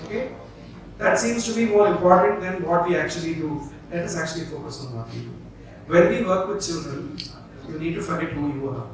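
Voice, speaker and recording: A man's voice: on the high side, animated, brisk. A man giving a talk to an audience, teaching and checking in with "okay?" and "right?". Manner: leads the audience through movement drills. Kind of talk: public talk and panel answer. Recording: very echoey hall, distant mic.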